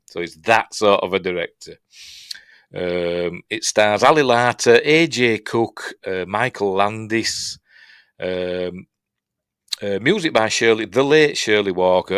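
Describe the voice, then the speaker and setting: A man's voice: on the low side, expressive, unhurried, a bit bright, clean tone, no echo, clean studio sound. A man with a Yorkshire accent hosting a casual, rambling film review, chatty and self-mocking with lots of fillers and restarts. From Yorkshire, England.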